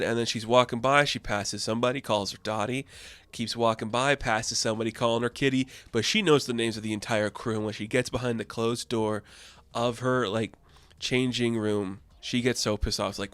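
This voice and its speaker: A man's voice: medium pitch, fairly even intonation, normal speed, a bit bright, dry recording. Chatty man reviewing a comic. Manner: chatty, filler-heavy, enthusiastic. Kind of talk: casual video comic review.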